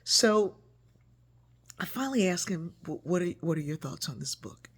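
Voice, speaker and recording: A woman author telling a personal story in a casual, animated way, acting out the voices she quotes. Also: on the low side, normal speed, breathy edge.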